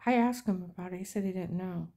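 A woman's voice: lowish voice, fast talker, mellow. A middle-aged woman telling a rambling personal story in an aggrieved, indignant way. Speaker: vlogger.

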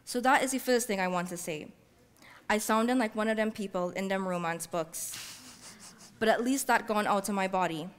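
Woman author at a public reading, mid-pitched, heartfelt first-person delivery in Caribbean-English dialect, long hall reverb. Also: moderate pace, clean tone. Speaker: author reading her work. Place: library event space.

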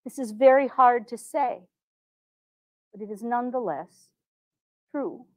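A woman's voice: mid-range voice, animated, dry recording, lightly acted, rough recording. A woman playing a dignified 1860s woman reformer. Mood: earnest pleading. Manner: formal, measured old-fashioned diction. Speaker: historical reenactor. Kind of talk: first-person historical monologue.

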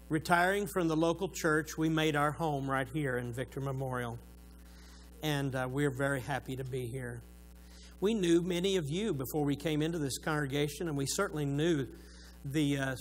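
Oklahoma pastor with a higher voice. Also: male voice, slight background noise, low-quality recording. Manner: warm joking asides, earnest about faith. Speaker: retired pastor, guest preacher. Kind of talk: church greeting and sermon introduction. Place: church sanctuary.

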